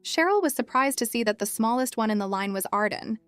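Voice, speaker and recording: A woman narrating a story recap in a steady, even, scripted delivery. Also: fairly high pitch, a little fast, smooth, dry recording, soft background music.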